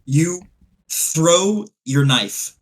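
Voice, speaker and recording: A man's voice: on the high side, lively intonation, drawn-out words, low-quality recording. A man narrating a tabletop game as game master, in a loose, rambling way with many fillers.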